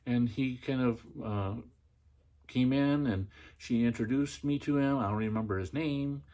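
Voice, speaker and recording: A middle-aged podcast host tells a personal story in a casual, chatty way, with many fillers and restarts. His voice is medium-pitched and warm, and he keeps a measured pace.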